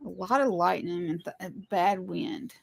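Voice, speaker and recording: A woman's voice: on the low side, steady tone, a little slow, vocal fry, no room sound. A woman, chatting casually with viewers while hosting a home livestream. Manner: chatty, greets viewers, apologizes for tech trouble. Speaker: livestream host, homesteader.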